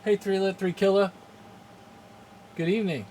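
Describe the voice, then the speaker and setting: A man's voice: sits high, fairly even intonation, normal speed, darkish tone, a little hiss or hum. A man casually chatting on a live stream, rambling with many fillers, chuckling often and greeting viewers in chat. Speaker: streamer hosting a game channel.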